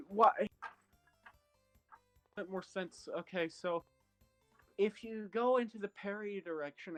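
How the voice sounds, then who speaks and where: A man reacts to a story in casual chat, blunt and prone to swearing. His voice sits fairly high, and he rambles through restarts while faint music plays behind.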